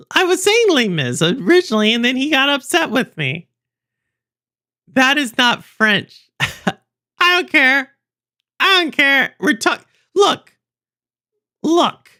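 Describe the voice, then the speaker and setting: A woman's voice: sits high, sharp tone. A young woman hosting a livestream, rambling and chatting with viewers, laughing often. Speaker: livestream host. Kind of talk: casual stream chat.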